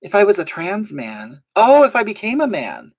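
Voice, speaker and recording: Sassy woman streamer reading chat aloud with a drawl and a bouncy, animated pitch. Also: moderate pace. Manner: sassy, drawling, mock-sincere. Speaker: live-stream host. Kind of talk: reading viewer comments on a live stream.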